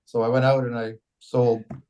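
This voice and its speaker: A man's voice: medium pitch, little pitch movement, fairly quick, darkish tone, a little hiss or hum, poor audio. A middle-aged man from Canada being interviewed as a mayor, telling long rambling stories full of restarts and self-corrections. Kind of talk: casual storytelling interview.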